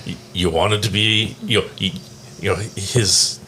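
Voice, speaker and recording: Lowish-voiced man, halting and restarting. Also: fairly even intonation, sharp tone, slight background noise. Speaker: roundtable co-host. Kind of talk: casual chat.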